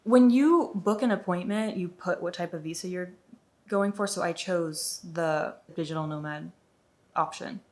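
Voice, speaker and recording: A woman's voice: fairly low pitch, moderate pace, darkish tone. A young woman from the United States chatting through an exasperated storytime vlog, with lots of "like". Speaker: vlogger. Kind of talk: casual storytime.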